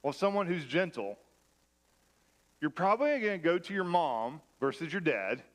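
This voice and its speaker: A man's voice: fairly high pitch, sing-song, moderate pace, a bit bright. A man preaching a sermon in a church, conversational and self-deprecating as he mixes personal stories with scripture. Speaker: pastor.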